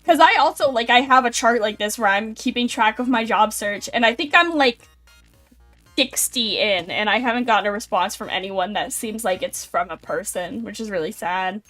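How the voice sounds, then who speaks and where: A young adult woman with a voice pitched a little high talks through posts on a casual stream. She is chatty, wry and blunt, and fills her speech with fillers. Faint music plays softly behind her. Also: normal speed.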